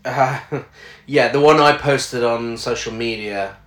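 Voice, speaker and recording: A man's voice: medium pitch, slow pace, a bit bright. A British man co-hosting a casual film review podcast, sarcastic and sweary. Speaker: podcast co-host. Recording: roomy echo.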